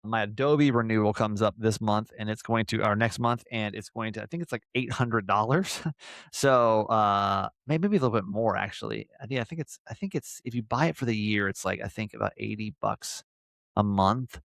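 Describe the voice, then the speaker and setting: A man's voice: on the low side, moderate pace, gravelly, a bit bright, no echo, studio quality. A man hosting a podcast in casual chat, rambling and self-mocking with lots of fillers and restarts. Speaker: podcast host.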